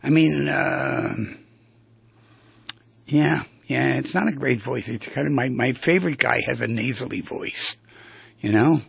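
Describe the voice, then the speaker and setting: Gravelly husky New radio host. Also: male voice, mid-range voice, unhurried, long pauses, dry recording, dull audio. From New York. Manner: rambling, storytelling, drifts between tangents. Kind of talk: casual talk on voice skills.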